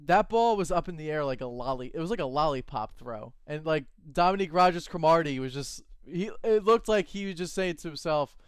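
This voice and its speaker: A man co-hosting a fantasy football show, animated and opinionated in casual sports talk. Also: on the high side, fairly quick, hardly any pauses, smooth, no echo, studio quality. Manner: animated, laughs easily, opinionated.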